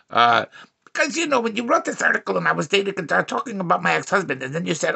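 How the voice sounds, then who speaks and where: Gravelly, bright-voiced crude comic man. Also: high voice, big pitch swings. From Milwaukee, USA. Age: 40s. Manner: profane, mocking, quick asides. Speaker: comedy vlogger. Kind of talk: crude comic riffing on dating profiles.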